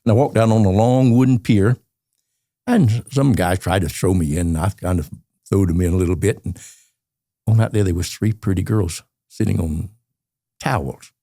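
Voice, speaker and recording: In a storytelling interview, an elderly podcast guest in his eighties, a Southerner from Georgia, USA, rambles colorfully through long stories and chuckles as he tells them. His voice is low and warm at a moderate pace, recorded dry with studio quality.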